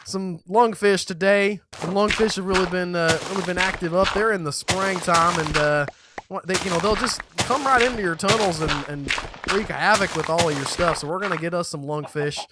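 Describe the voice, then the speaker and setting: A man's voice: sits high, normal speed, natural voice. A man voicing a folksy Southern good-old-boy gamer with a put-on American Southern accent, drawling and rambling. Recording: loud background noise.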